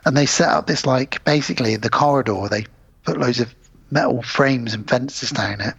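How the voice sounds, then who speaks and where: A man's voice: mid-range voice, moderate pace, vocal fry, breathy edge, muffled recording. Man animatedly recapping a film. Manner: animated retelling, acts out characters' lines. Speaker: podcast co-host. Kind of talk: casual film recap chat.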